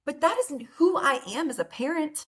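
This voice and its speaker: A woman's voice: high-pitched, lively intonation, normal speed. A woman psychologist talking as an interview guest, earnest and conversational, often saying "like" and "right?".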